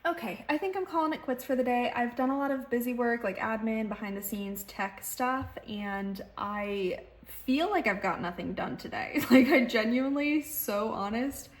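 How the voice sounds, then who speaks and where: A young woman vlogging casually from her home kitchen, talking into a handheld phone camera in quick, chatty bursts full of "oh my God". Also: fairly high pitch. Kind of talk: casual vlog chat.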